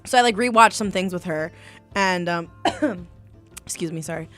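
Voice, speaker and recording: A woman in her twenties co-hosting a podcast, telling stories in an animated way, full of slang and swearing. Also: lowish voice, normal speed, soft background music. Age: 20s. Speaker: podcast co-host. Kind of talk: casual chat.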